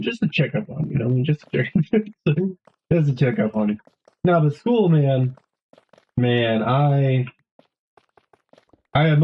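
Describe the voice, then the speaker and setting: A man's voice: medium pitch, highs cut off, slight background noise. Young man rambling on a stream. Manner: rambling, swears a lot, talks to chat. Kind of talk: casual live-stream chat.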